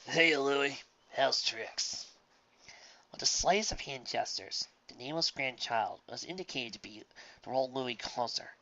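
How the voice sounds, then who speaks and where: A man reads a story aloud in a plain, even way. His voice is bright and forceful. The recording is dull and lo-fi. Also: medium pitch, normal speed. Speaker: reader. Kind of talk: reading fan fiction aloud.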